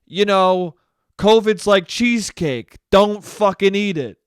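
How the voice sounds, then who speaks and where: A man's voice: high-pitched, slow, smooth, dry recording, clean studio sound. A man putting on the voice of a brash middle-aged male politician who talks down to reporters in a blunt, swaggering way.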